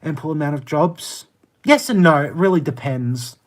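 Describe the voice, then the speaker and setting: A young Australian man in his twenties, chatting casually on a livestream and answering viewer comments in a blunt, exasperated way. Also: moderate pace. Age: 20s. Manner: blunt and exasperated, jumps to high indignant pitch when ranting.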